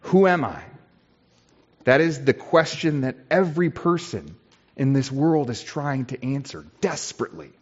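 A man preaching a sermon in a church, slow and emphatic, building on repeated phrases. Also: medium pitch, expressive, highs cut off. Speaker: pastor.

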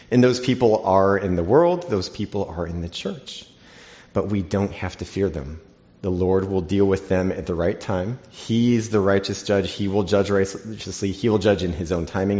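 A man's voice: low voice, darkish tone. A man preaching a sermon in an earnest teaching manner, reading scripture aloud to his listeners. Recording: dull lo-fi recording.

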